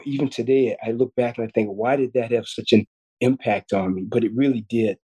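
An earnest man in his fifties, speaking as a podcast guest. His voice sits at a middle pitch with a dark, mellow tone. He tells a personal story and often restarts and repeats words. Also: slightly rough, rough recording. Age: 50s. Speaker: guest surgeon.

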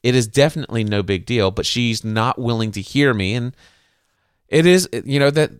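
A man's voice: medium pitch, clean tone, dry recording, clean studio sound. Earnest middle-aged man telling a story. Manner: earnest, repeats words when starting sentences. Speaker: podcast host. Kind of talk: personal storytelling.

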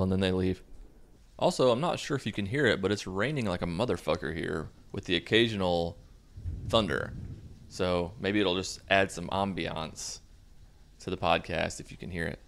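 A young man hosting a podcast, recapping a movie in a sarcastic, profane, comic way. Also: deep voice. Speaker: podcast host.

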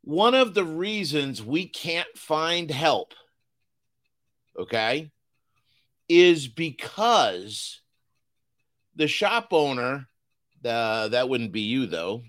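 A man hosting a business podcast, giving an energetic motivational talk and repeating phrases for emphasis. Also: fairly high pitch, takes it slowly. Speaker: business coach and podcast host.

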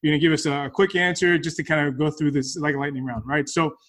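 An upbeat male host runs a casual interview and laughs easily along with his guest. His voice sits a little above the usual male range and stays relaxed. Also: a little high, quick pace. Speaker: podcast host.

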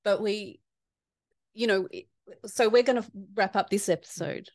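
A woman's voice: mid-range voice, moderate pace, a little mellow, dry recording, clean studio sound. A woman co-hosting a podcast, listening attentively with frequent affirmations before wrapping up the episode. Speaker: podcast co-host.

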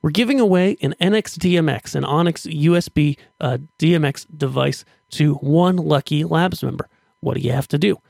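Male podcast host, slightly high and gravelly, casual and upbeat, close dry mic. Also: normal speed, darkish tone, no room sound. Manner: upbeat, chatty, with restarts while pitching offers.

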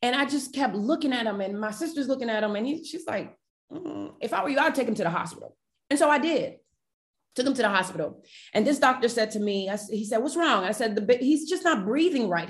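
A woman, a podcast guest, telling a personal family story with feeling and acting out the dialogue. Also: a little high. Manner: emotional, animated retelling with quoted dialogue.

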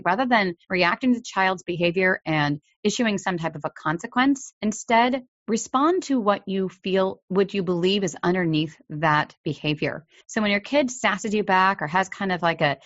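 Woman podcast host, lowish voice, earnest coaching delivery, dry dull lo-fi recording. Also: normal speed, few pauses, dry recording. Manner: earnest, coaching, acts out parent quotes. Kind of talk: advice podcast monologue.

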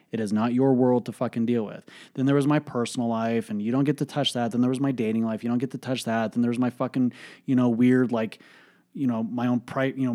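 A man's voice: mid-range voice, warm tone. Guy on his podcast swearing a lot, blunt and emphatic, lots of like and um. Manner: profane, emphatic storytelling with many fillers. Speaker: podcast host. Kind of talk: candid podcast monologue.

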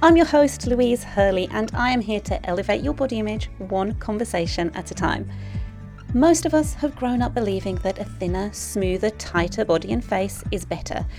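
Woman podcast host, earnest and encouraging, middle pitch, faint music underneath. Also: normal speed, a little mellow. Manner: earnest and encouraging, laughs often. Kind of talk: scripted intro, then casual chat.

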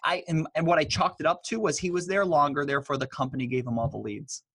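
A man, a guest in an interview, telling stories in a loose, animated way full of fillers. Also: a little high, fast, husky, no room sound. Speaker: guest, author and speaker. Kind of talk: casual interview storytelling.

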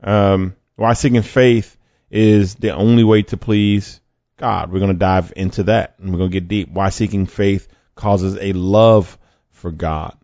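A man's voice: sits low, steady tone, measured pace, darkish tone, no room sound, lo-fi sound. A man hosting a faith podcast, talking conversationally with fillers, restarts and rhetorical questions. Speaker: podcast host.

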